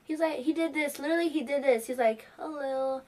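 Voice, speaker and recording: A teenage girl excitedly telling a rambling fan story, full of fillers. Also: high-pitched, fast talker. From New York. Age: teens. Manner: gushing, rambling, many fillers. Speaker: fan vlogger.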